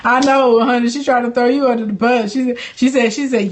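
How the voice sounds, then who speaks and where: A young woman with a slightly high voice talks to her viewers on a phone livestream. She is sassy and chatty, coaching them with plenty of laughs. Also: fairly even intonation, brisk, few pauses. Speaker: livestream host and business coach. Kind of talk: casual livestream chat with viewers.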